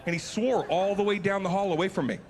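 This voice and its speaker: A man's voice: high-pitched, fast, a little hiss or hum. A man telling a comic story as a solo podcast host, self-mocking and laughing at his own tale. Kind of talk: comedic storytelling.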